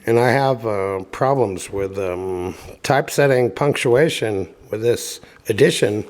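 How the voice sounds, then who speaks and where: A man casually reading a children's book aloud and adding offhand, wry comments, with filler pauses. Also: fairly low pitch. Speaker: reader and commentator.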